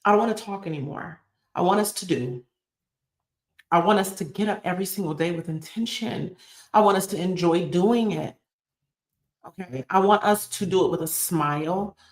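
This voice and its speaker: A woman's voice: lowish voice, moderate pace. A woman hosting her channel's live chat. She talks in an earnest, emotional, motivational way and repeats phrases for emphasis. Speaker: YouTube channel host. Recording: echoey room.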